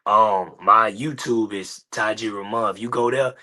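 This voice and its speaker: A young man with a low voice that still comes through bright and forceful. He talks in a laid-back, halting way, filling gaps with ums and uhs, as a guest on a casual interview show. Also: fairly even intonation. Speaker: guest, son of a late rapper.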